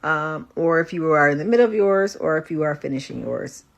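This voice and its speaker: A woman spiritual coach talking casually to her phone from bed, tired and a little stuffy from a runny nose, rambling softly with halting restarts. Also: sits low, lively intonation, gravelly, muffled recording. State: tired and exhausted. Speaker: spiritual coach and psychic reader. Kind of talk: casual confessional vlog. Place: in bed at home.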